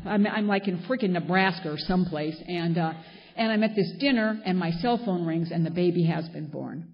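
Briskly and in a lowish voice, an older woman from Southern California tells a recovery meeting audience a wry, candid story from her life. Faint noise and a dull, lo-fi quality accompany the echo of the hall.

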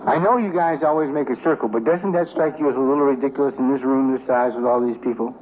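A man's voice: mid-range voice, fast talker. A man telling stories to a recovery meeting in a large room, rambling and colloquial, with a wry sense of humor. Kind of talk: humorous storytelling talk to a group. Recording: dull lo-fi recording with faint noise.

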